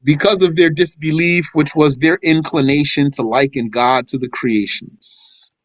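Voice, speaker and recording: A man teaching a scripture lesson. He recites verses in Arabic, then explains them in English in a measured way. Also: on the high side, steady tone, no room sound, low-quality recording. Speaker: religious teacher.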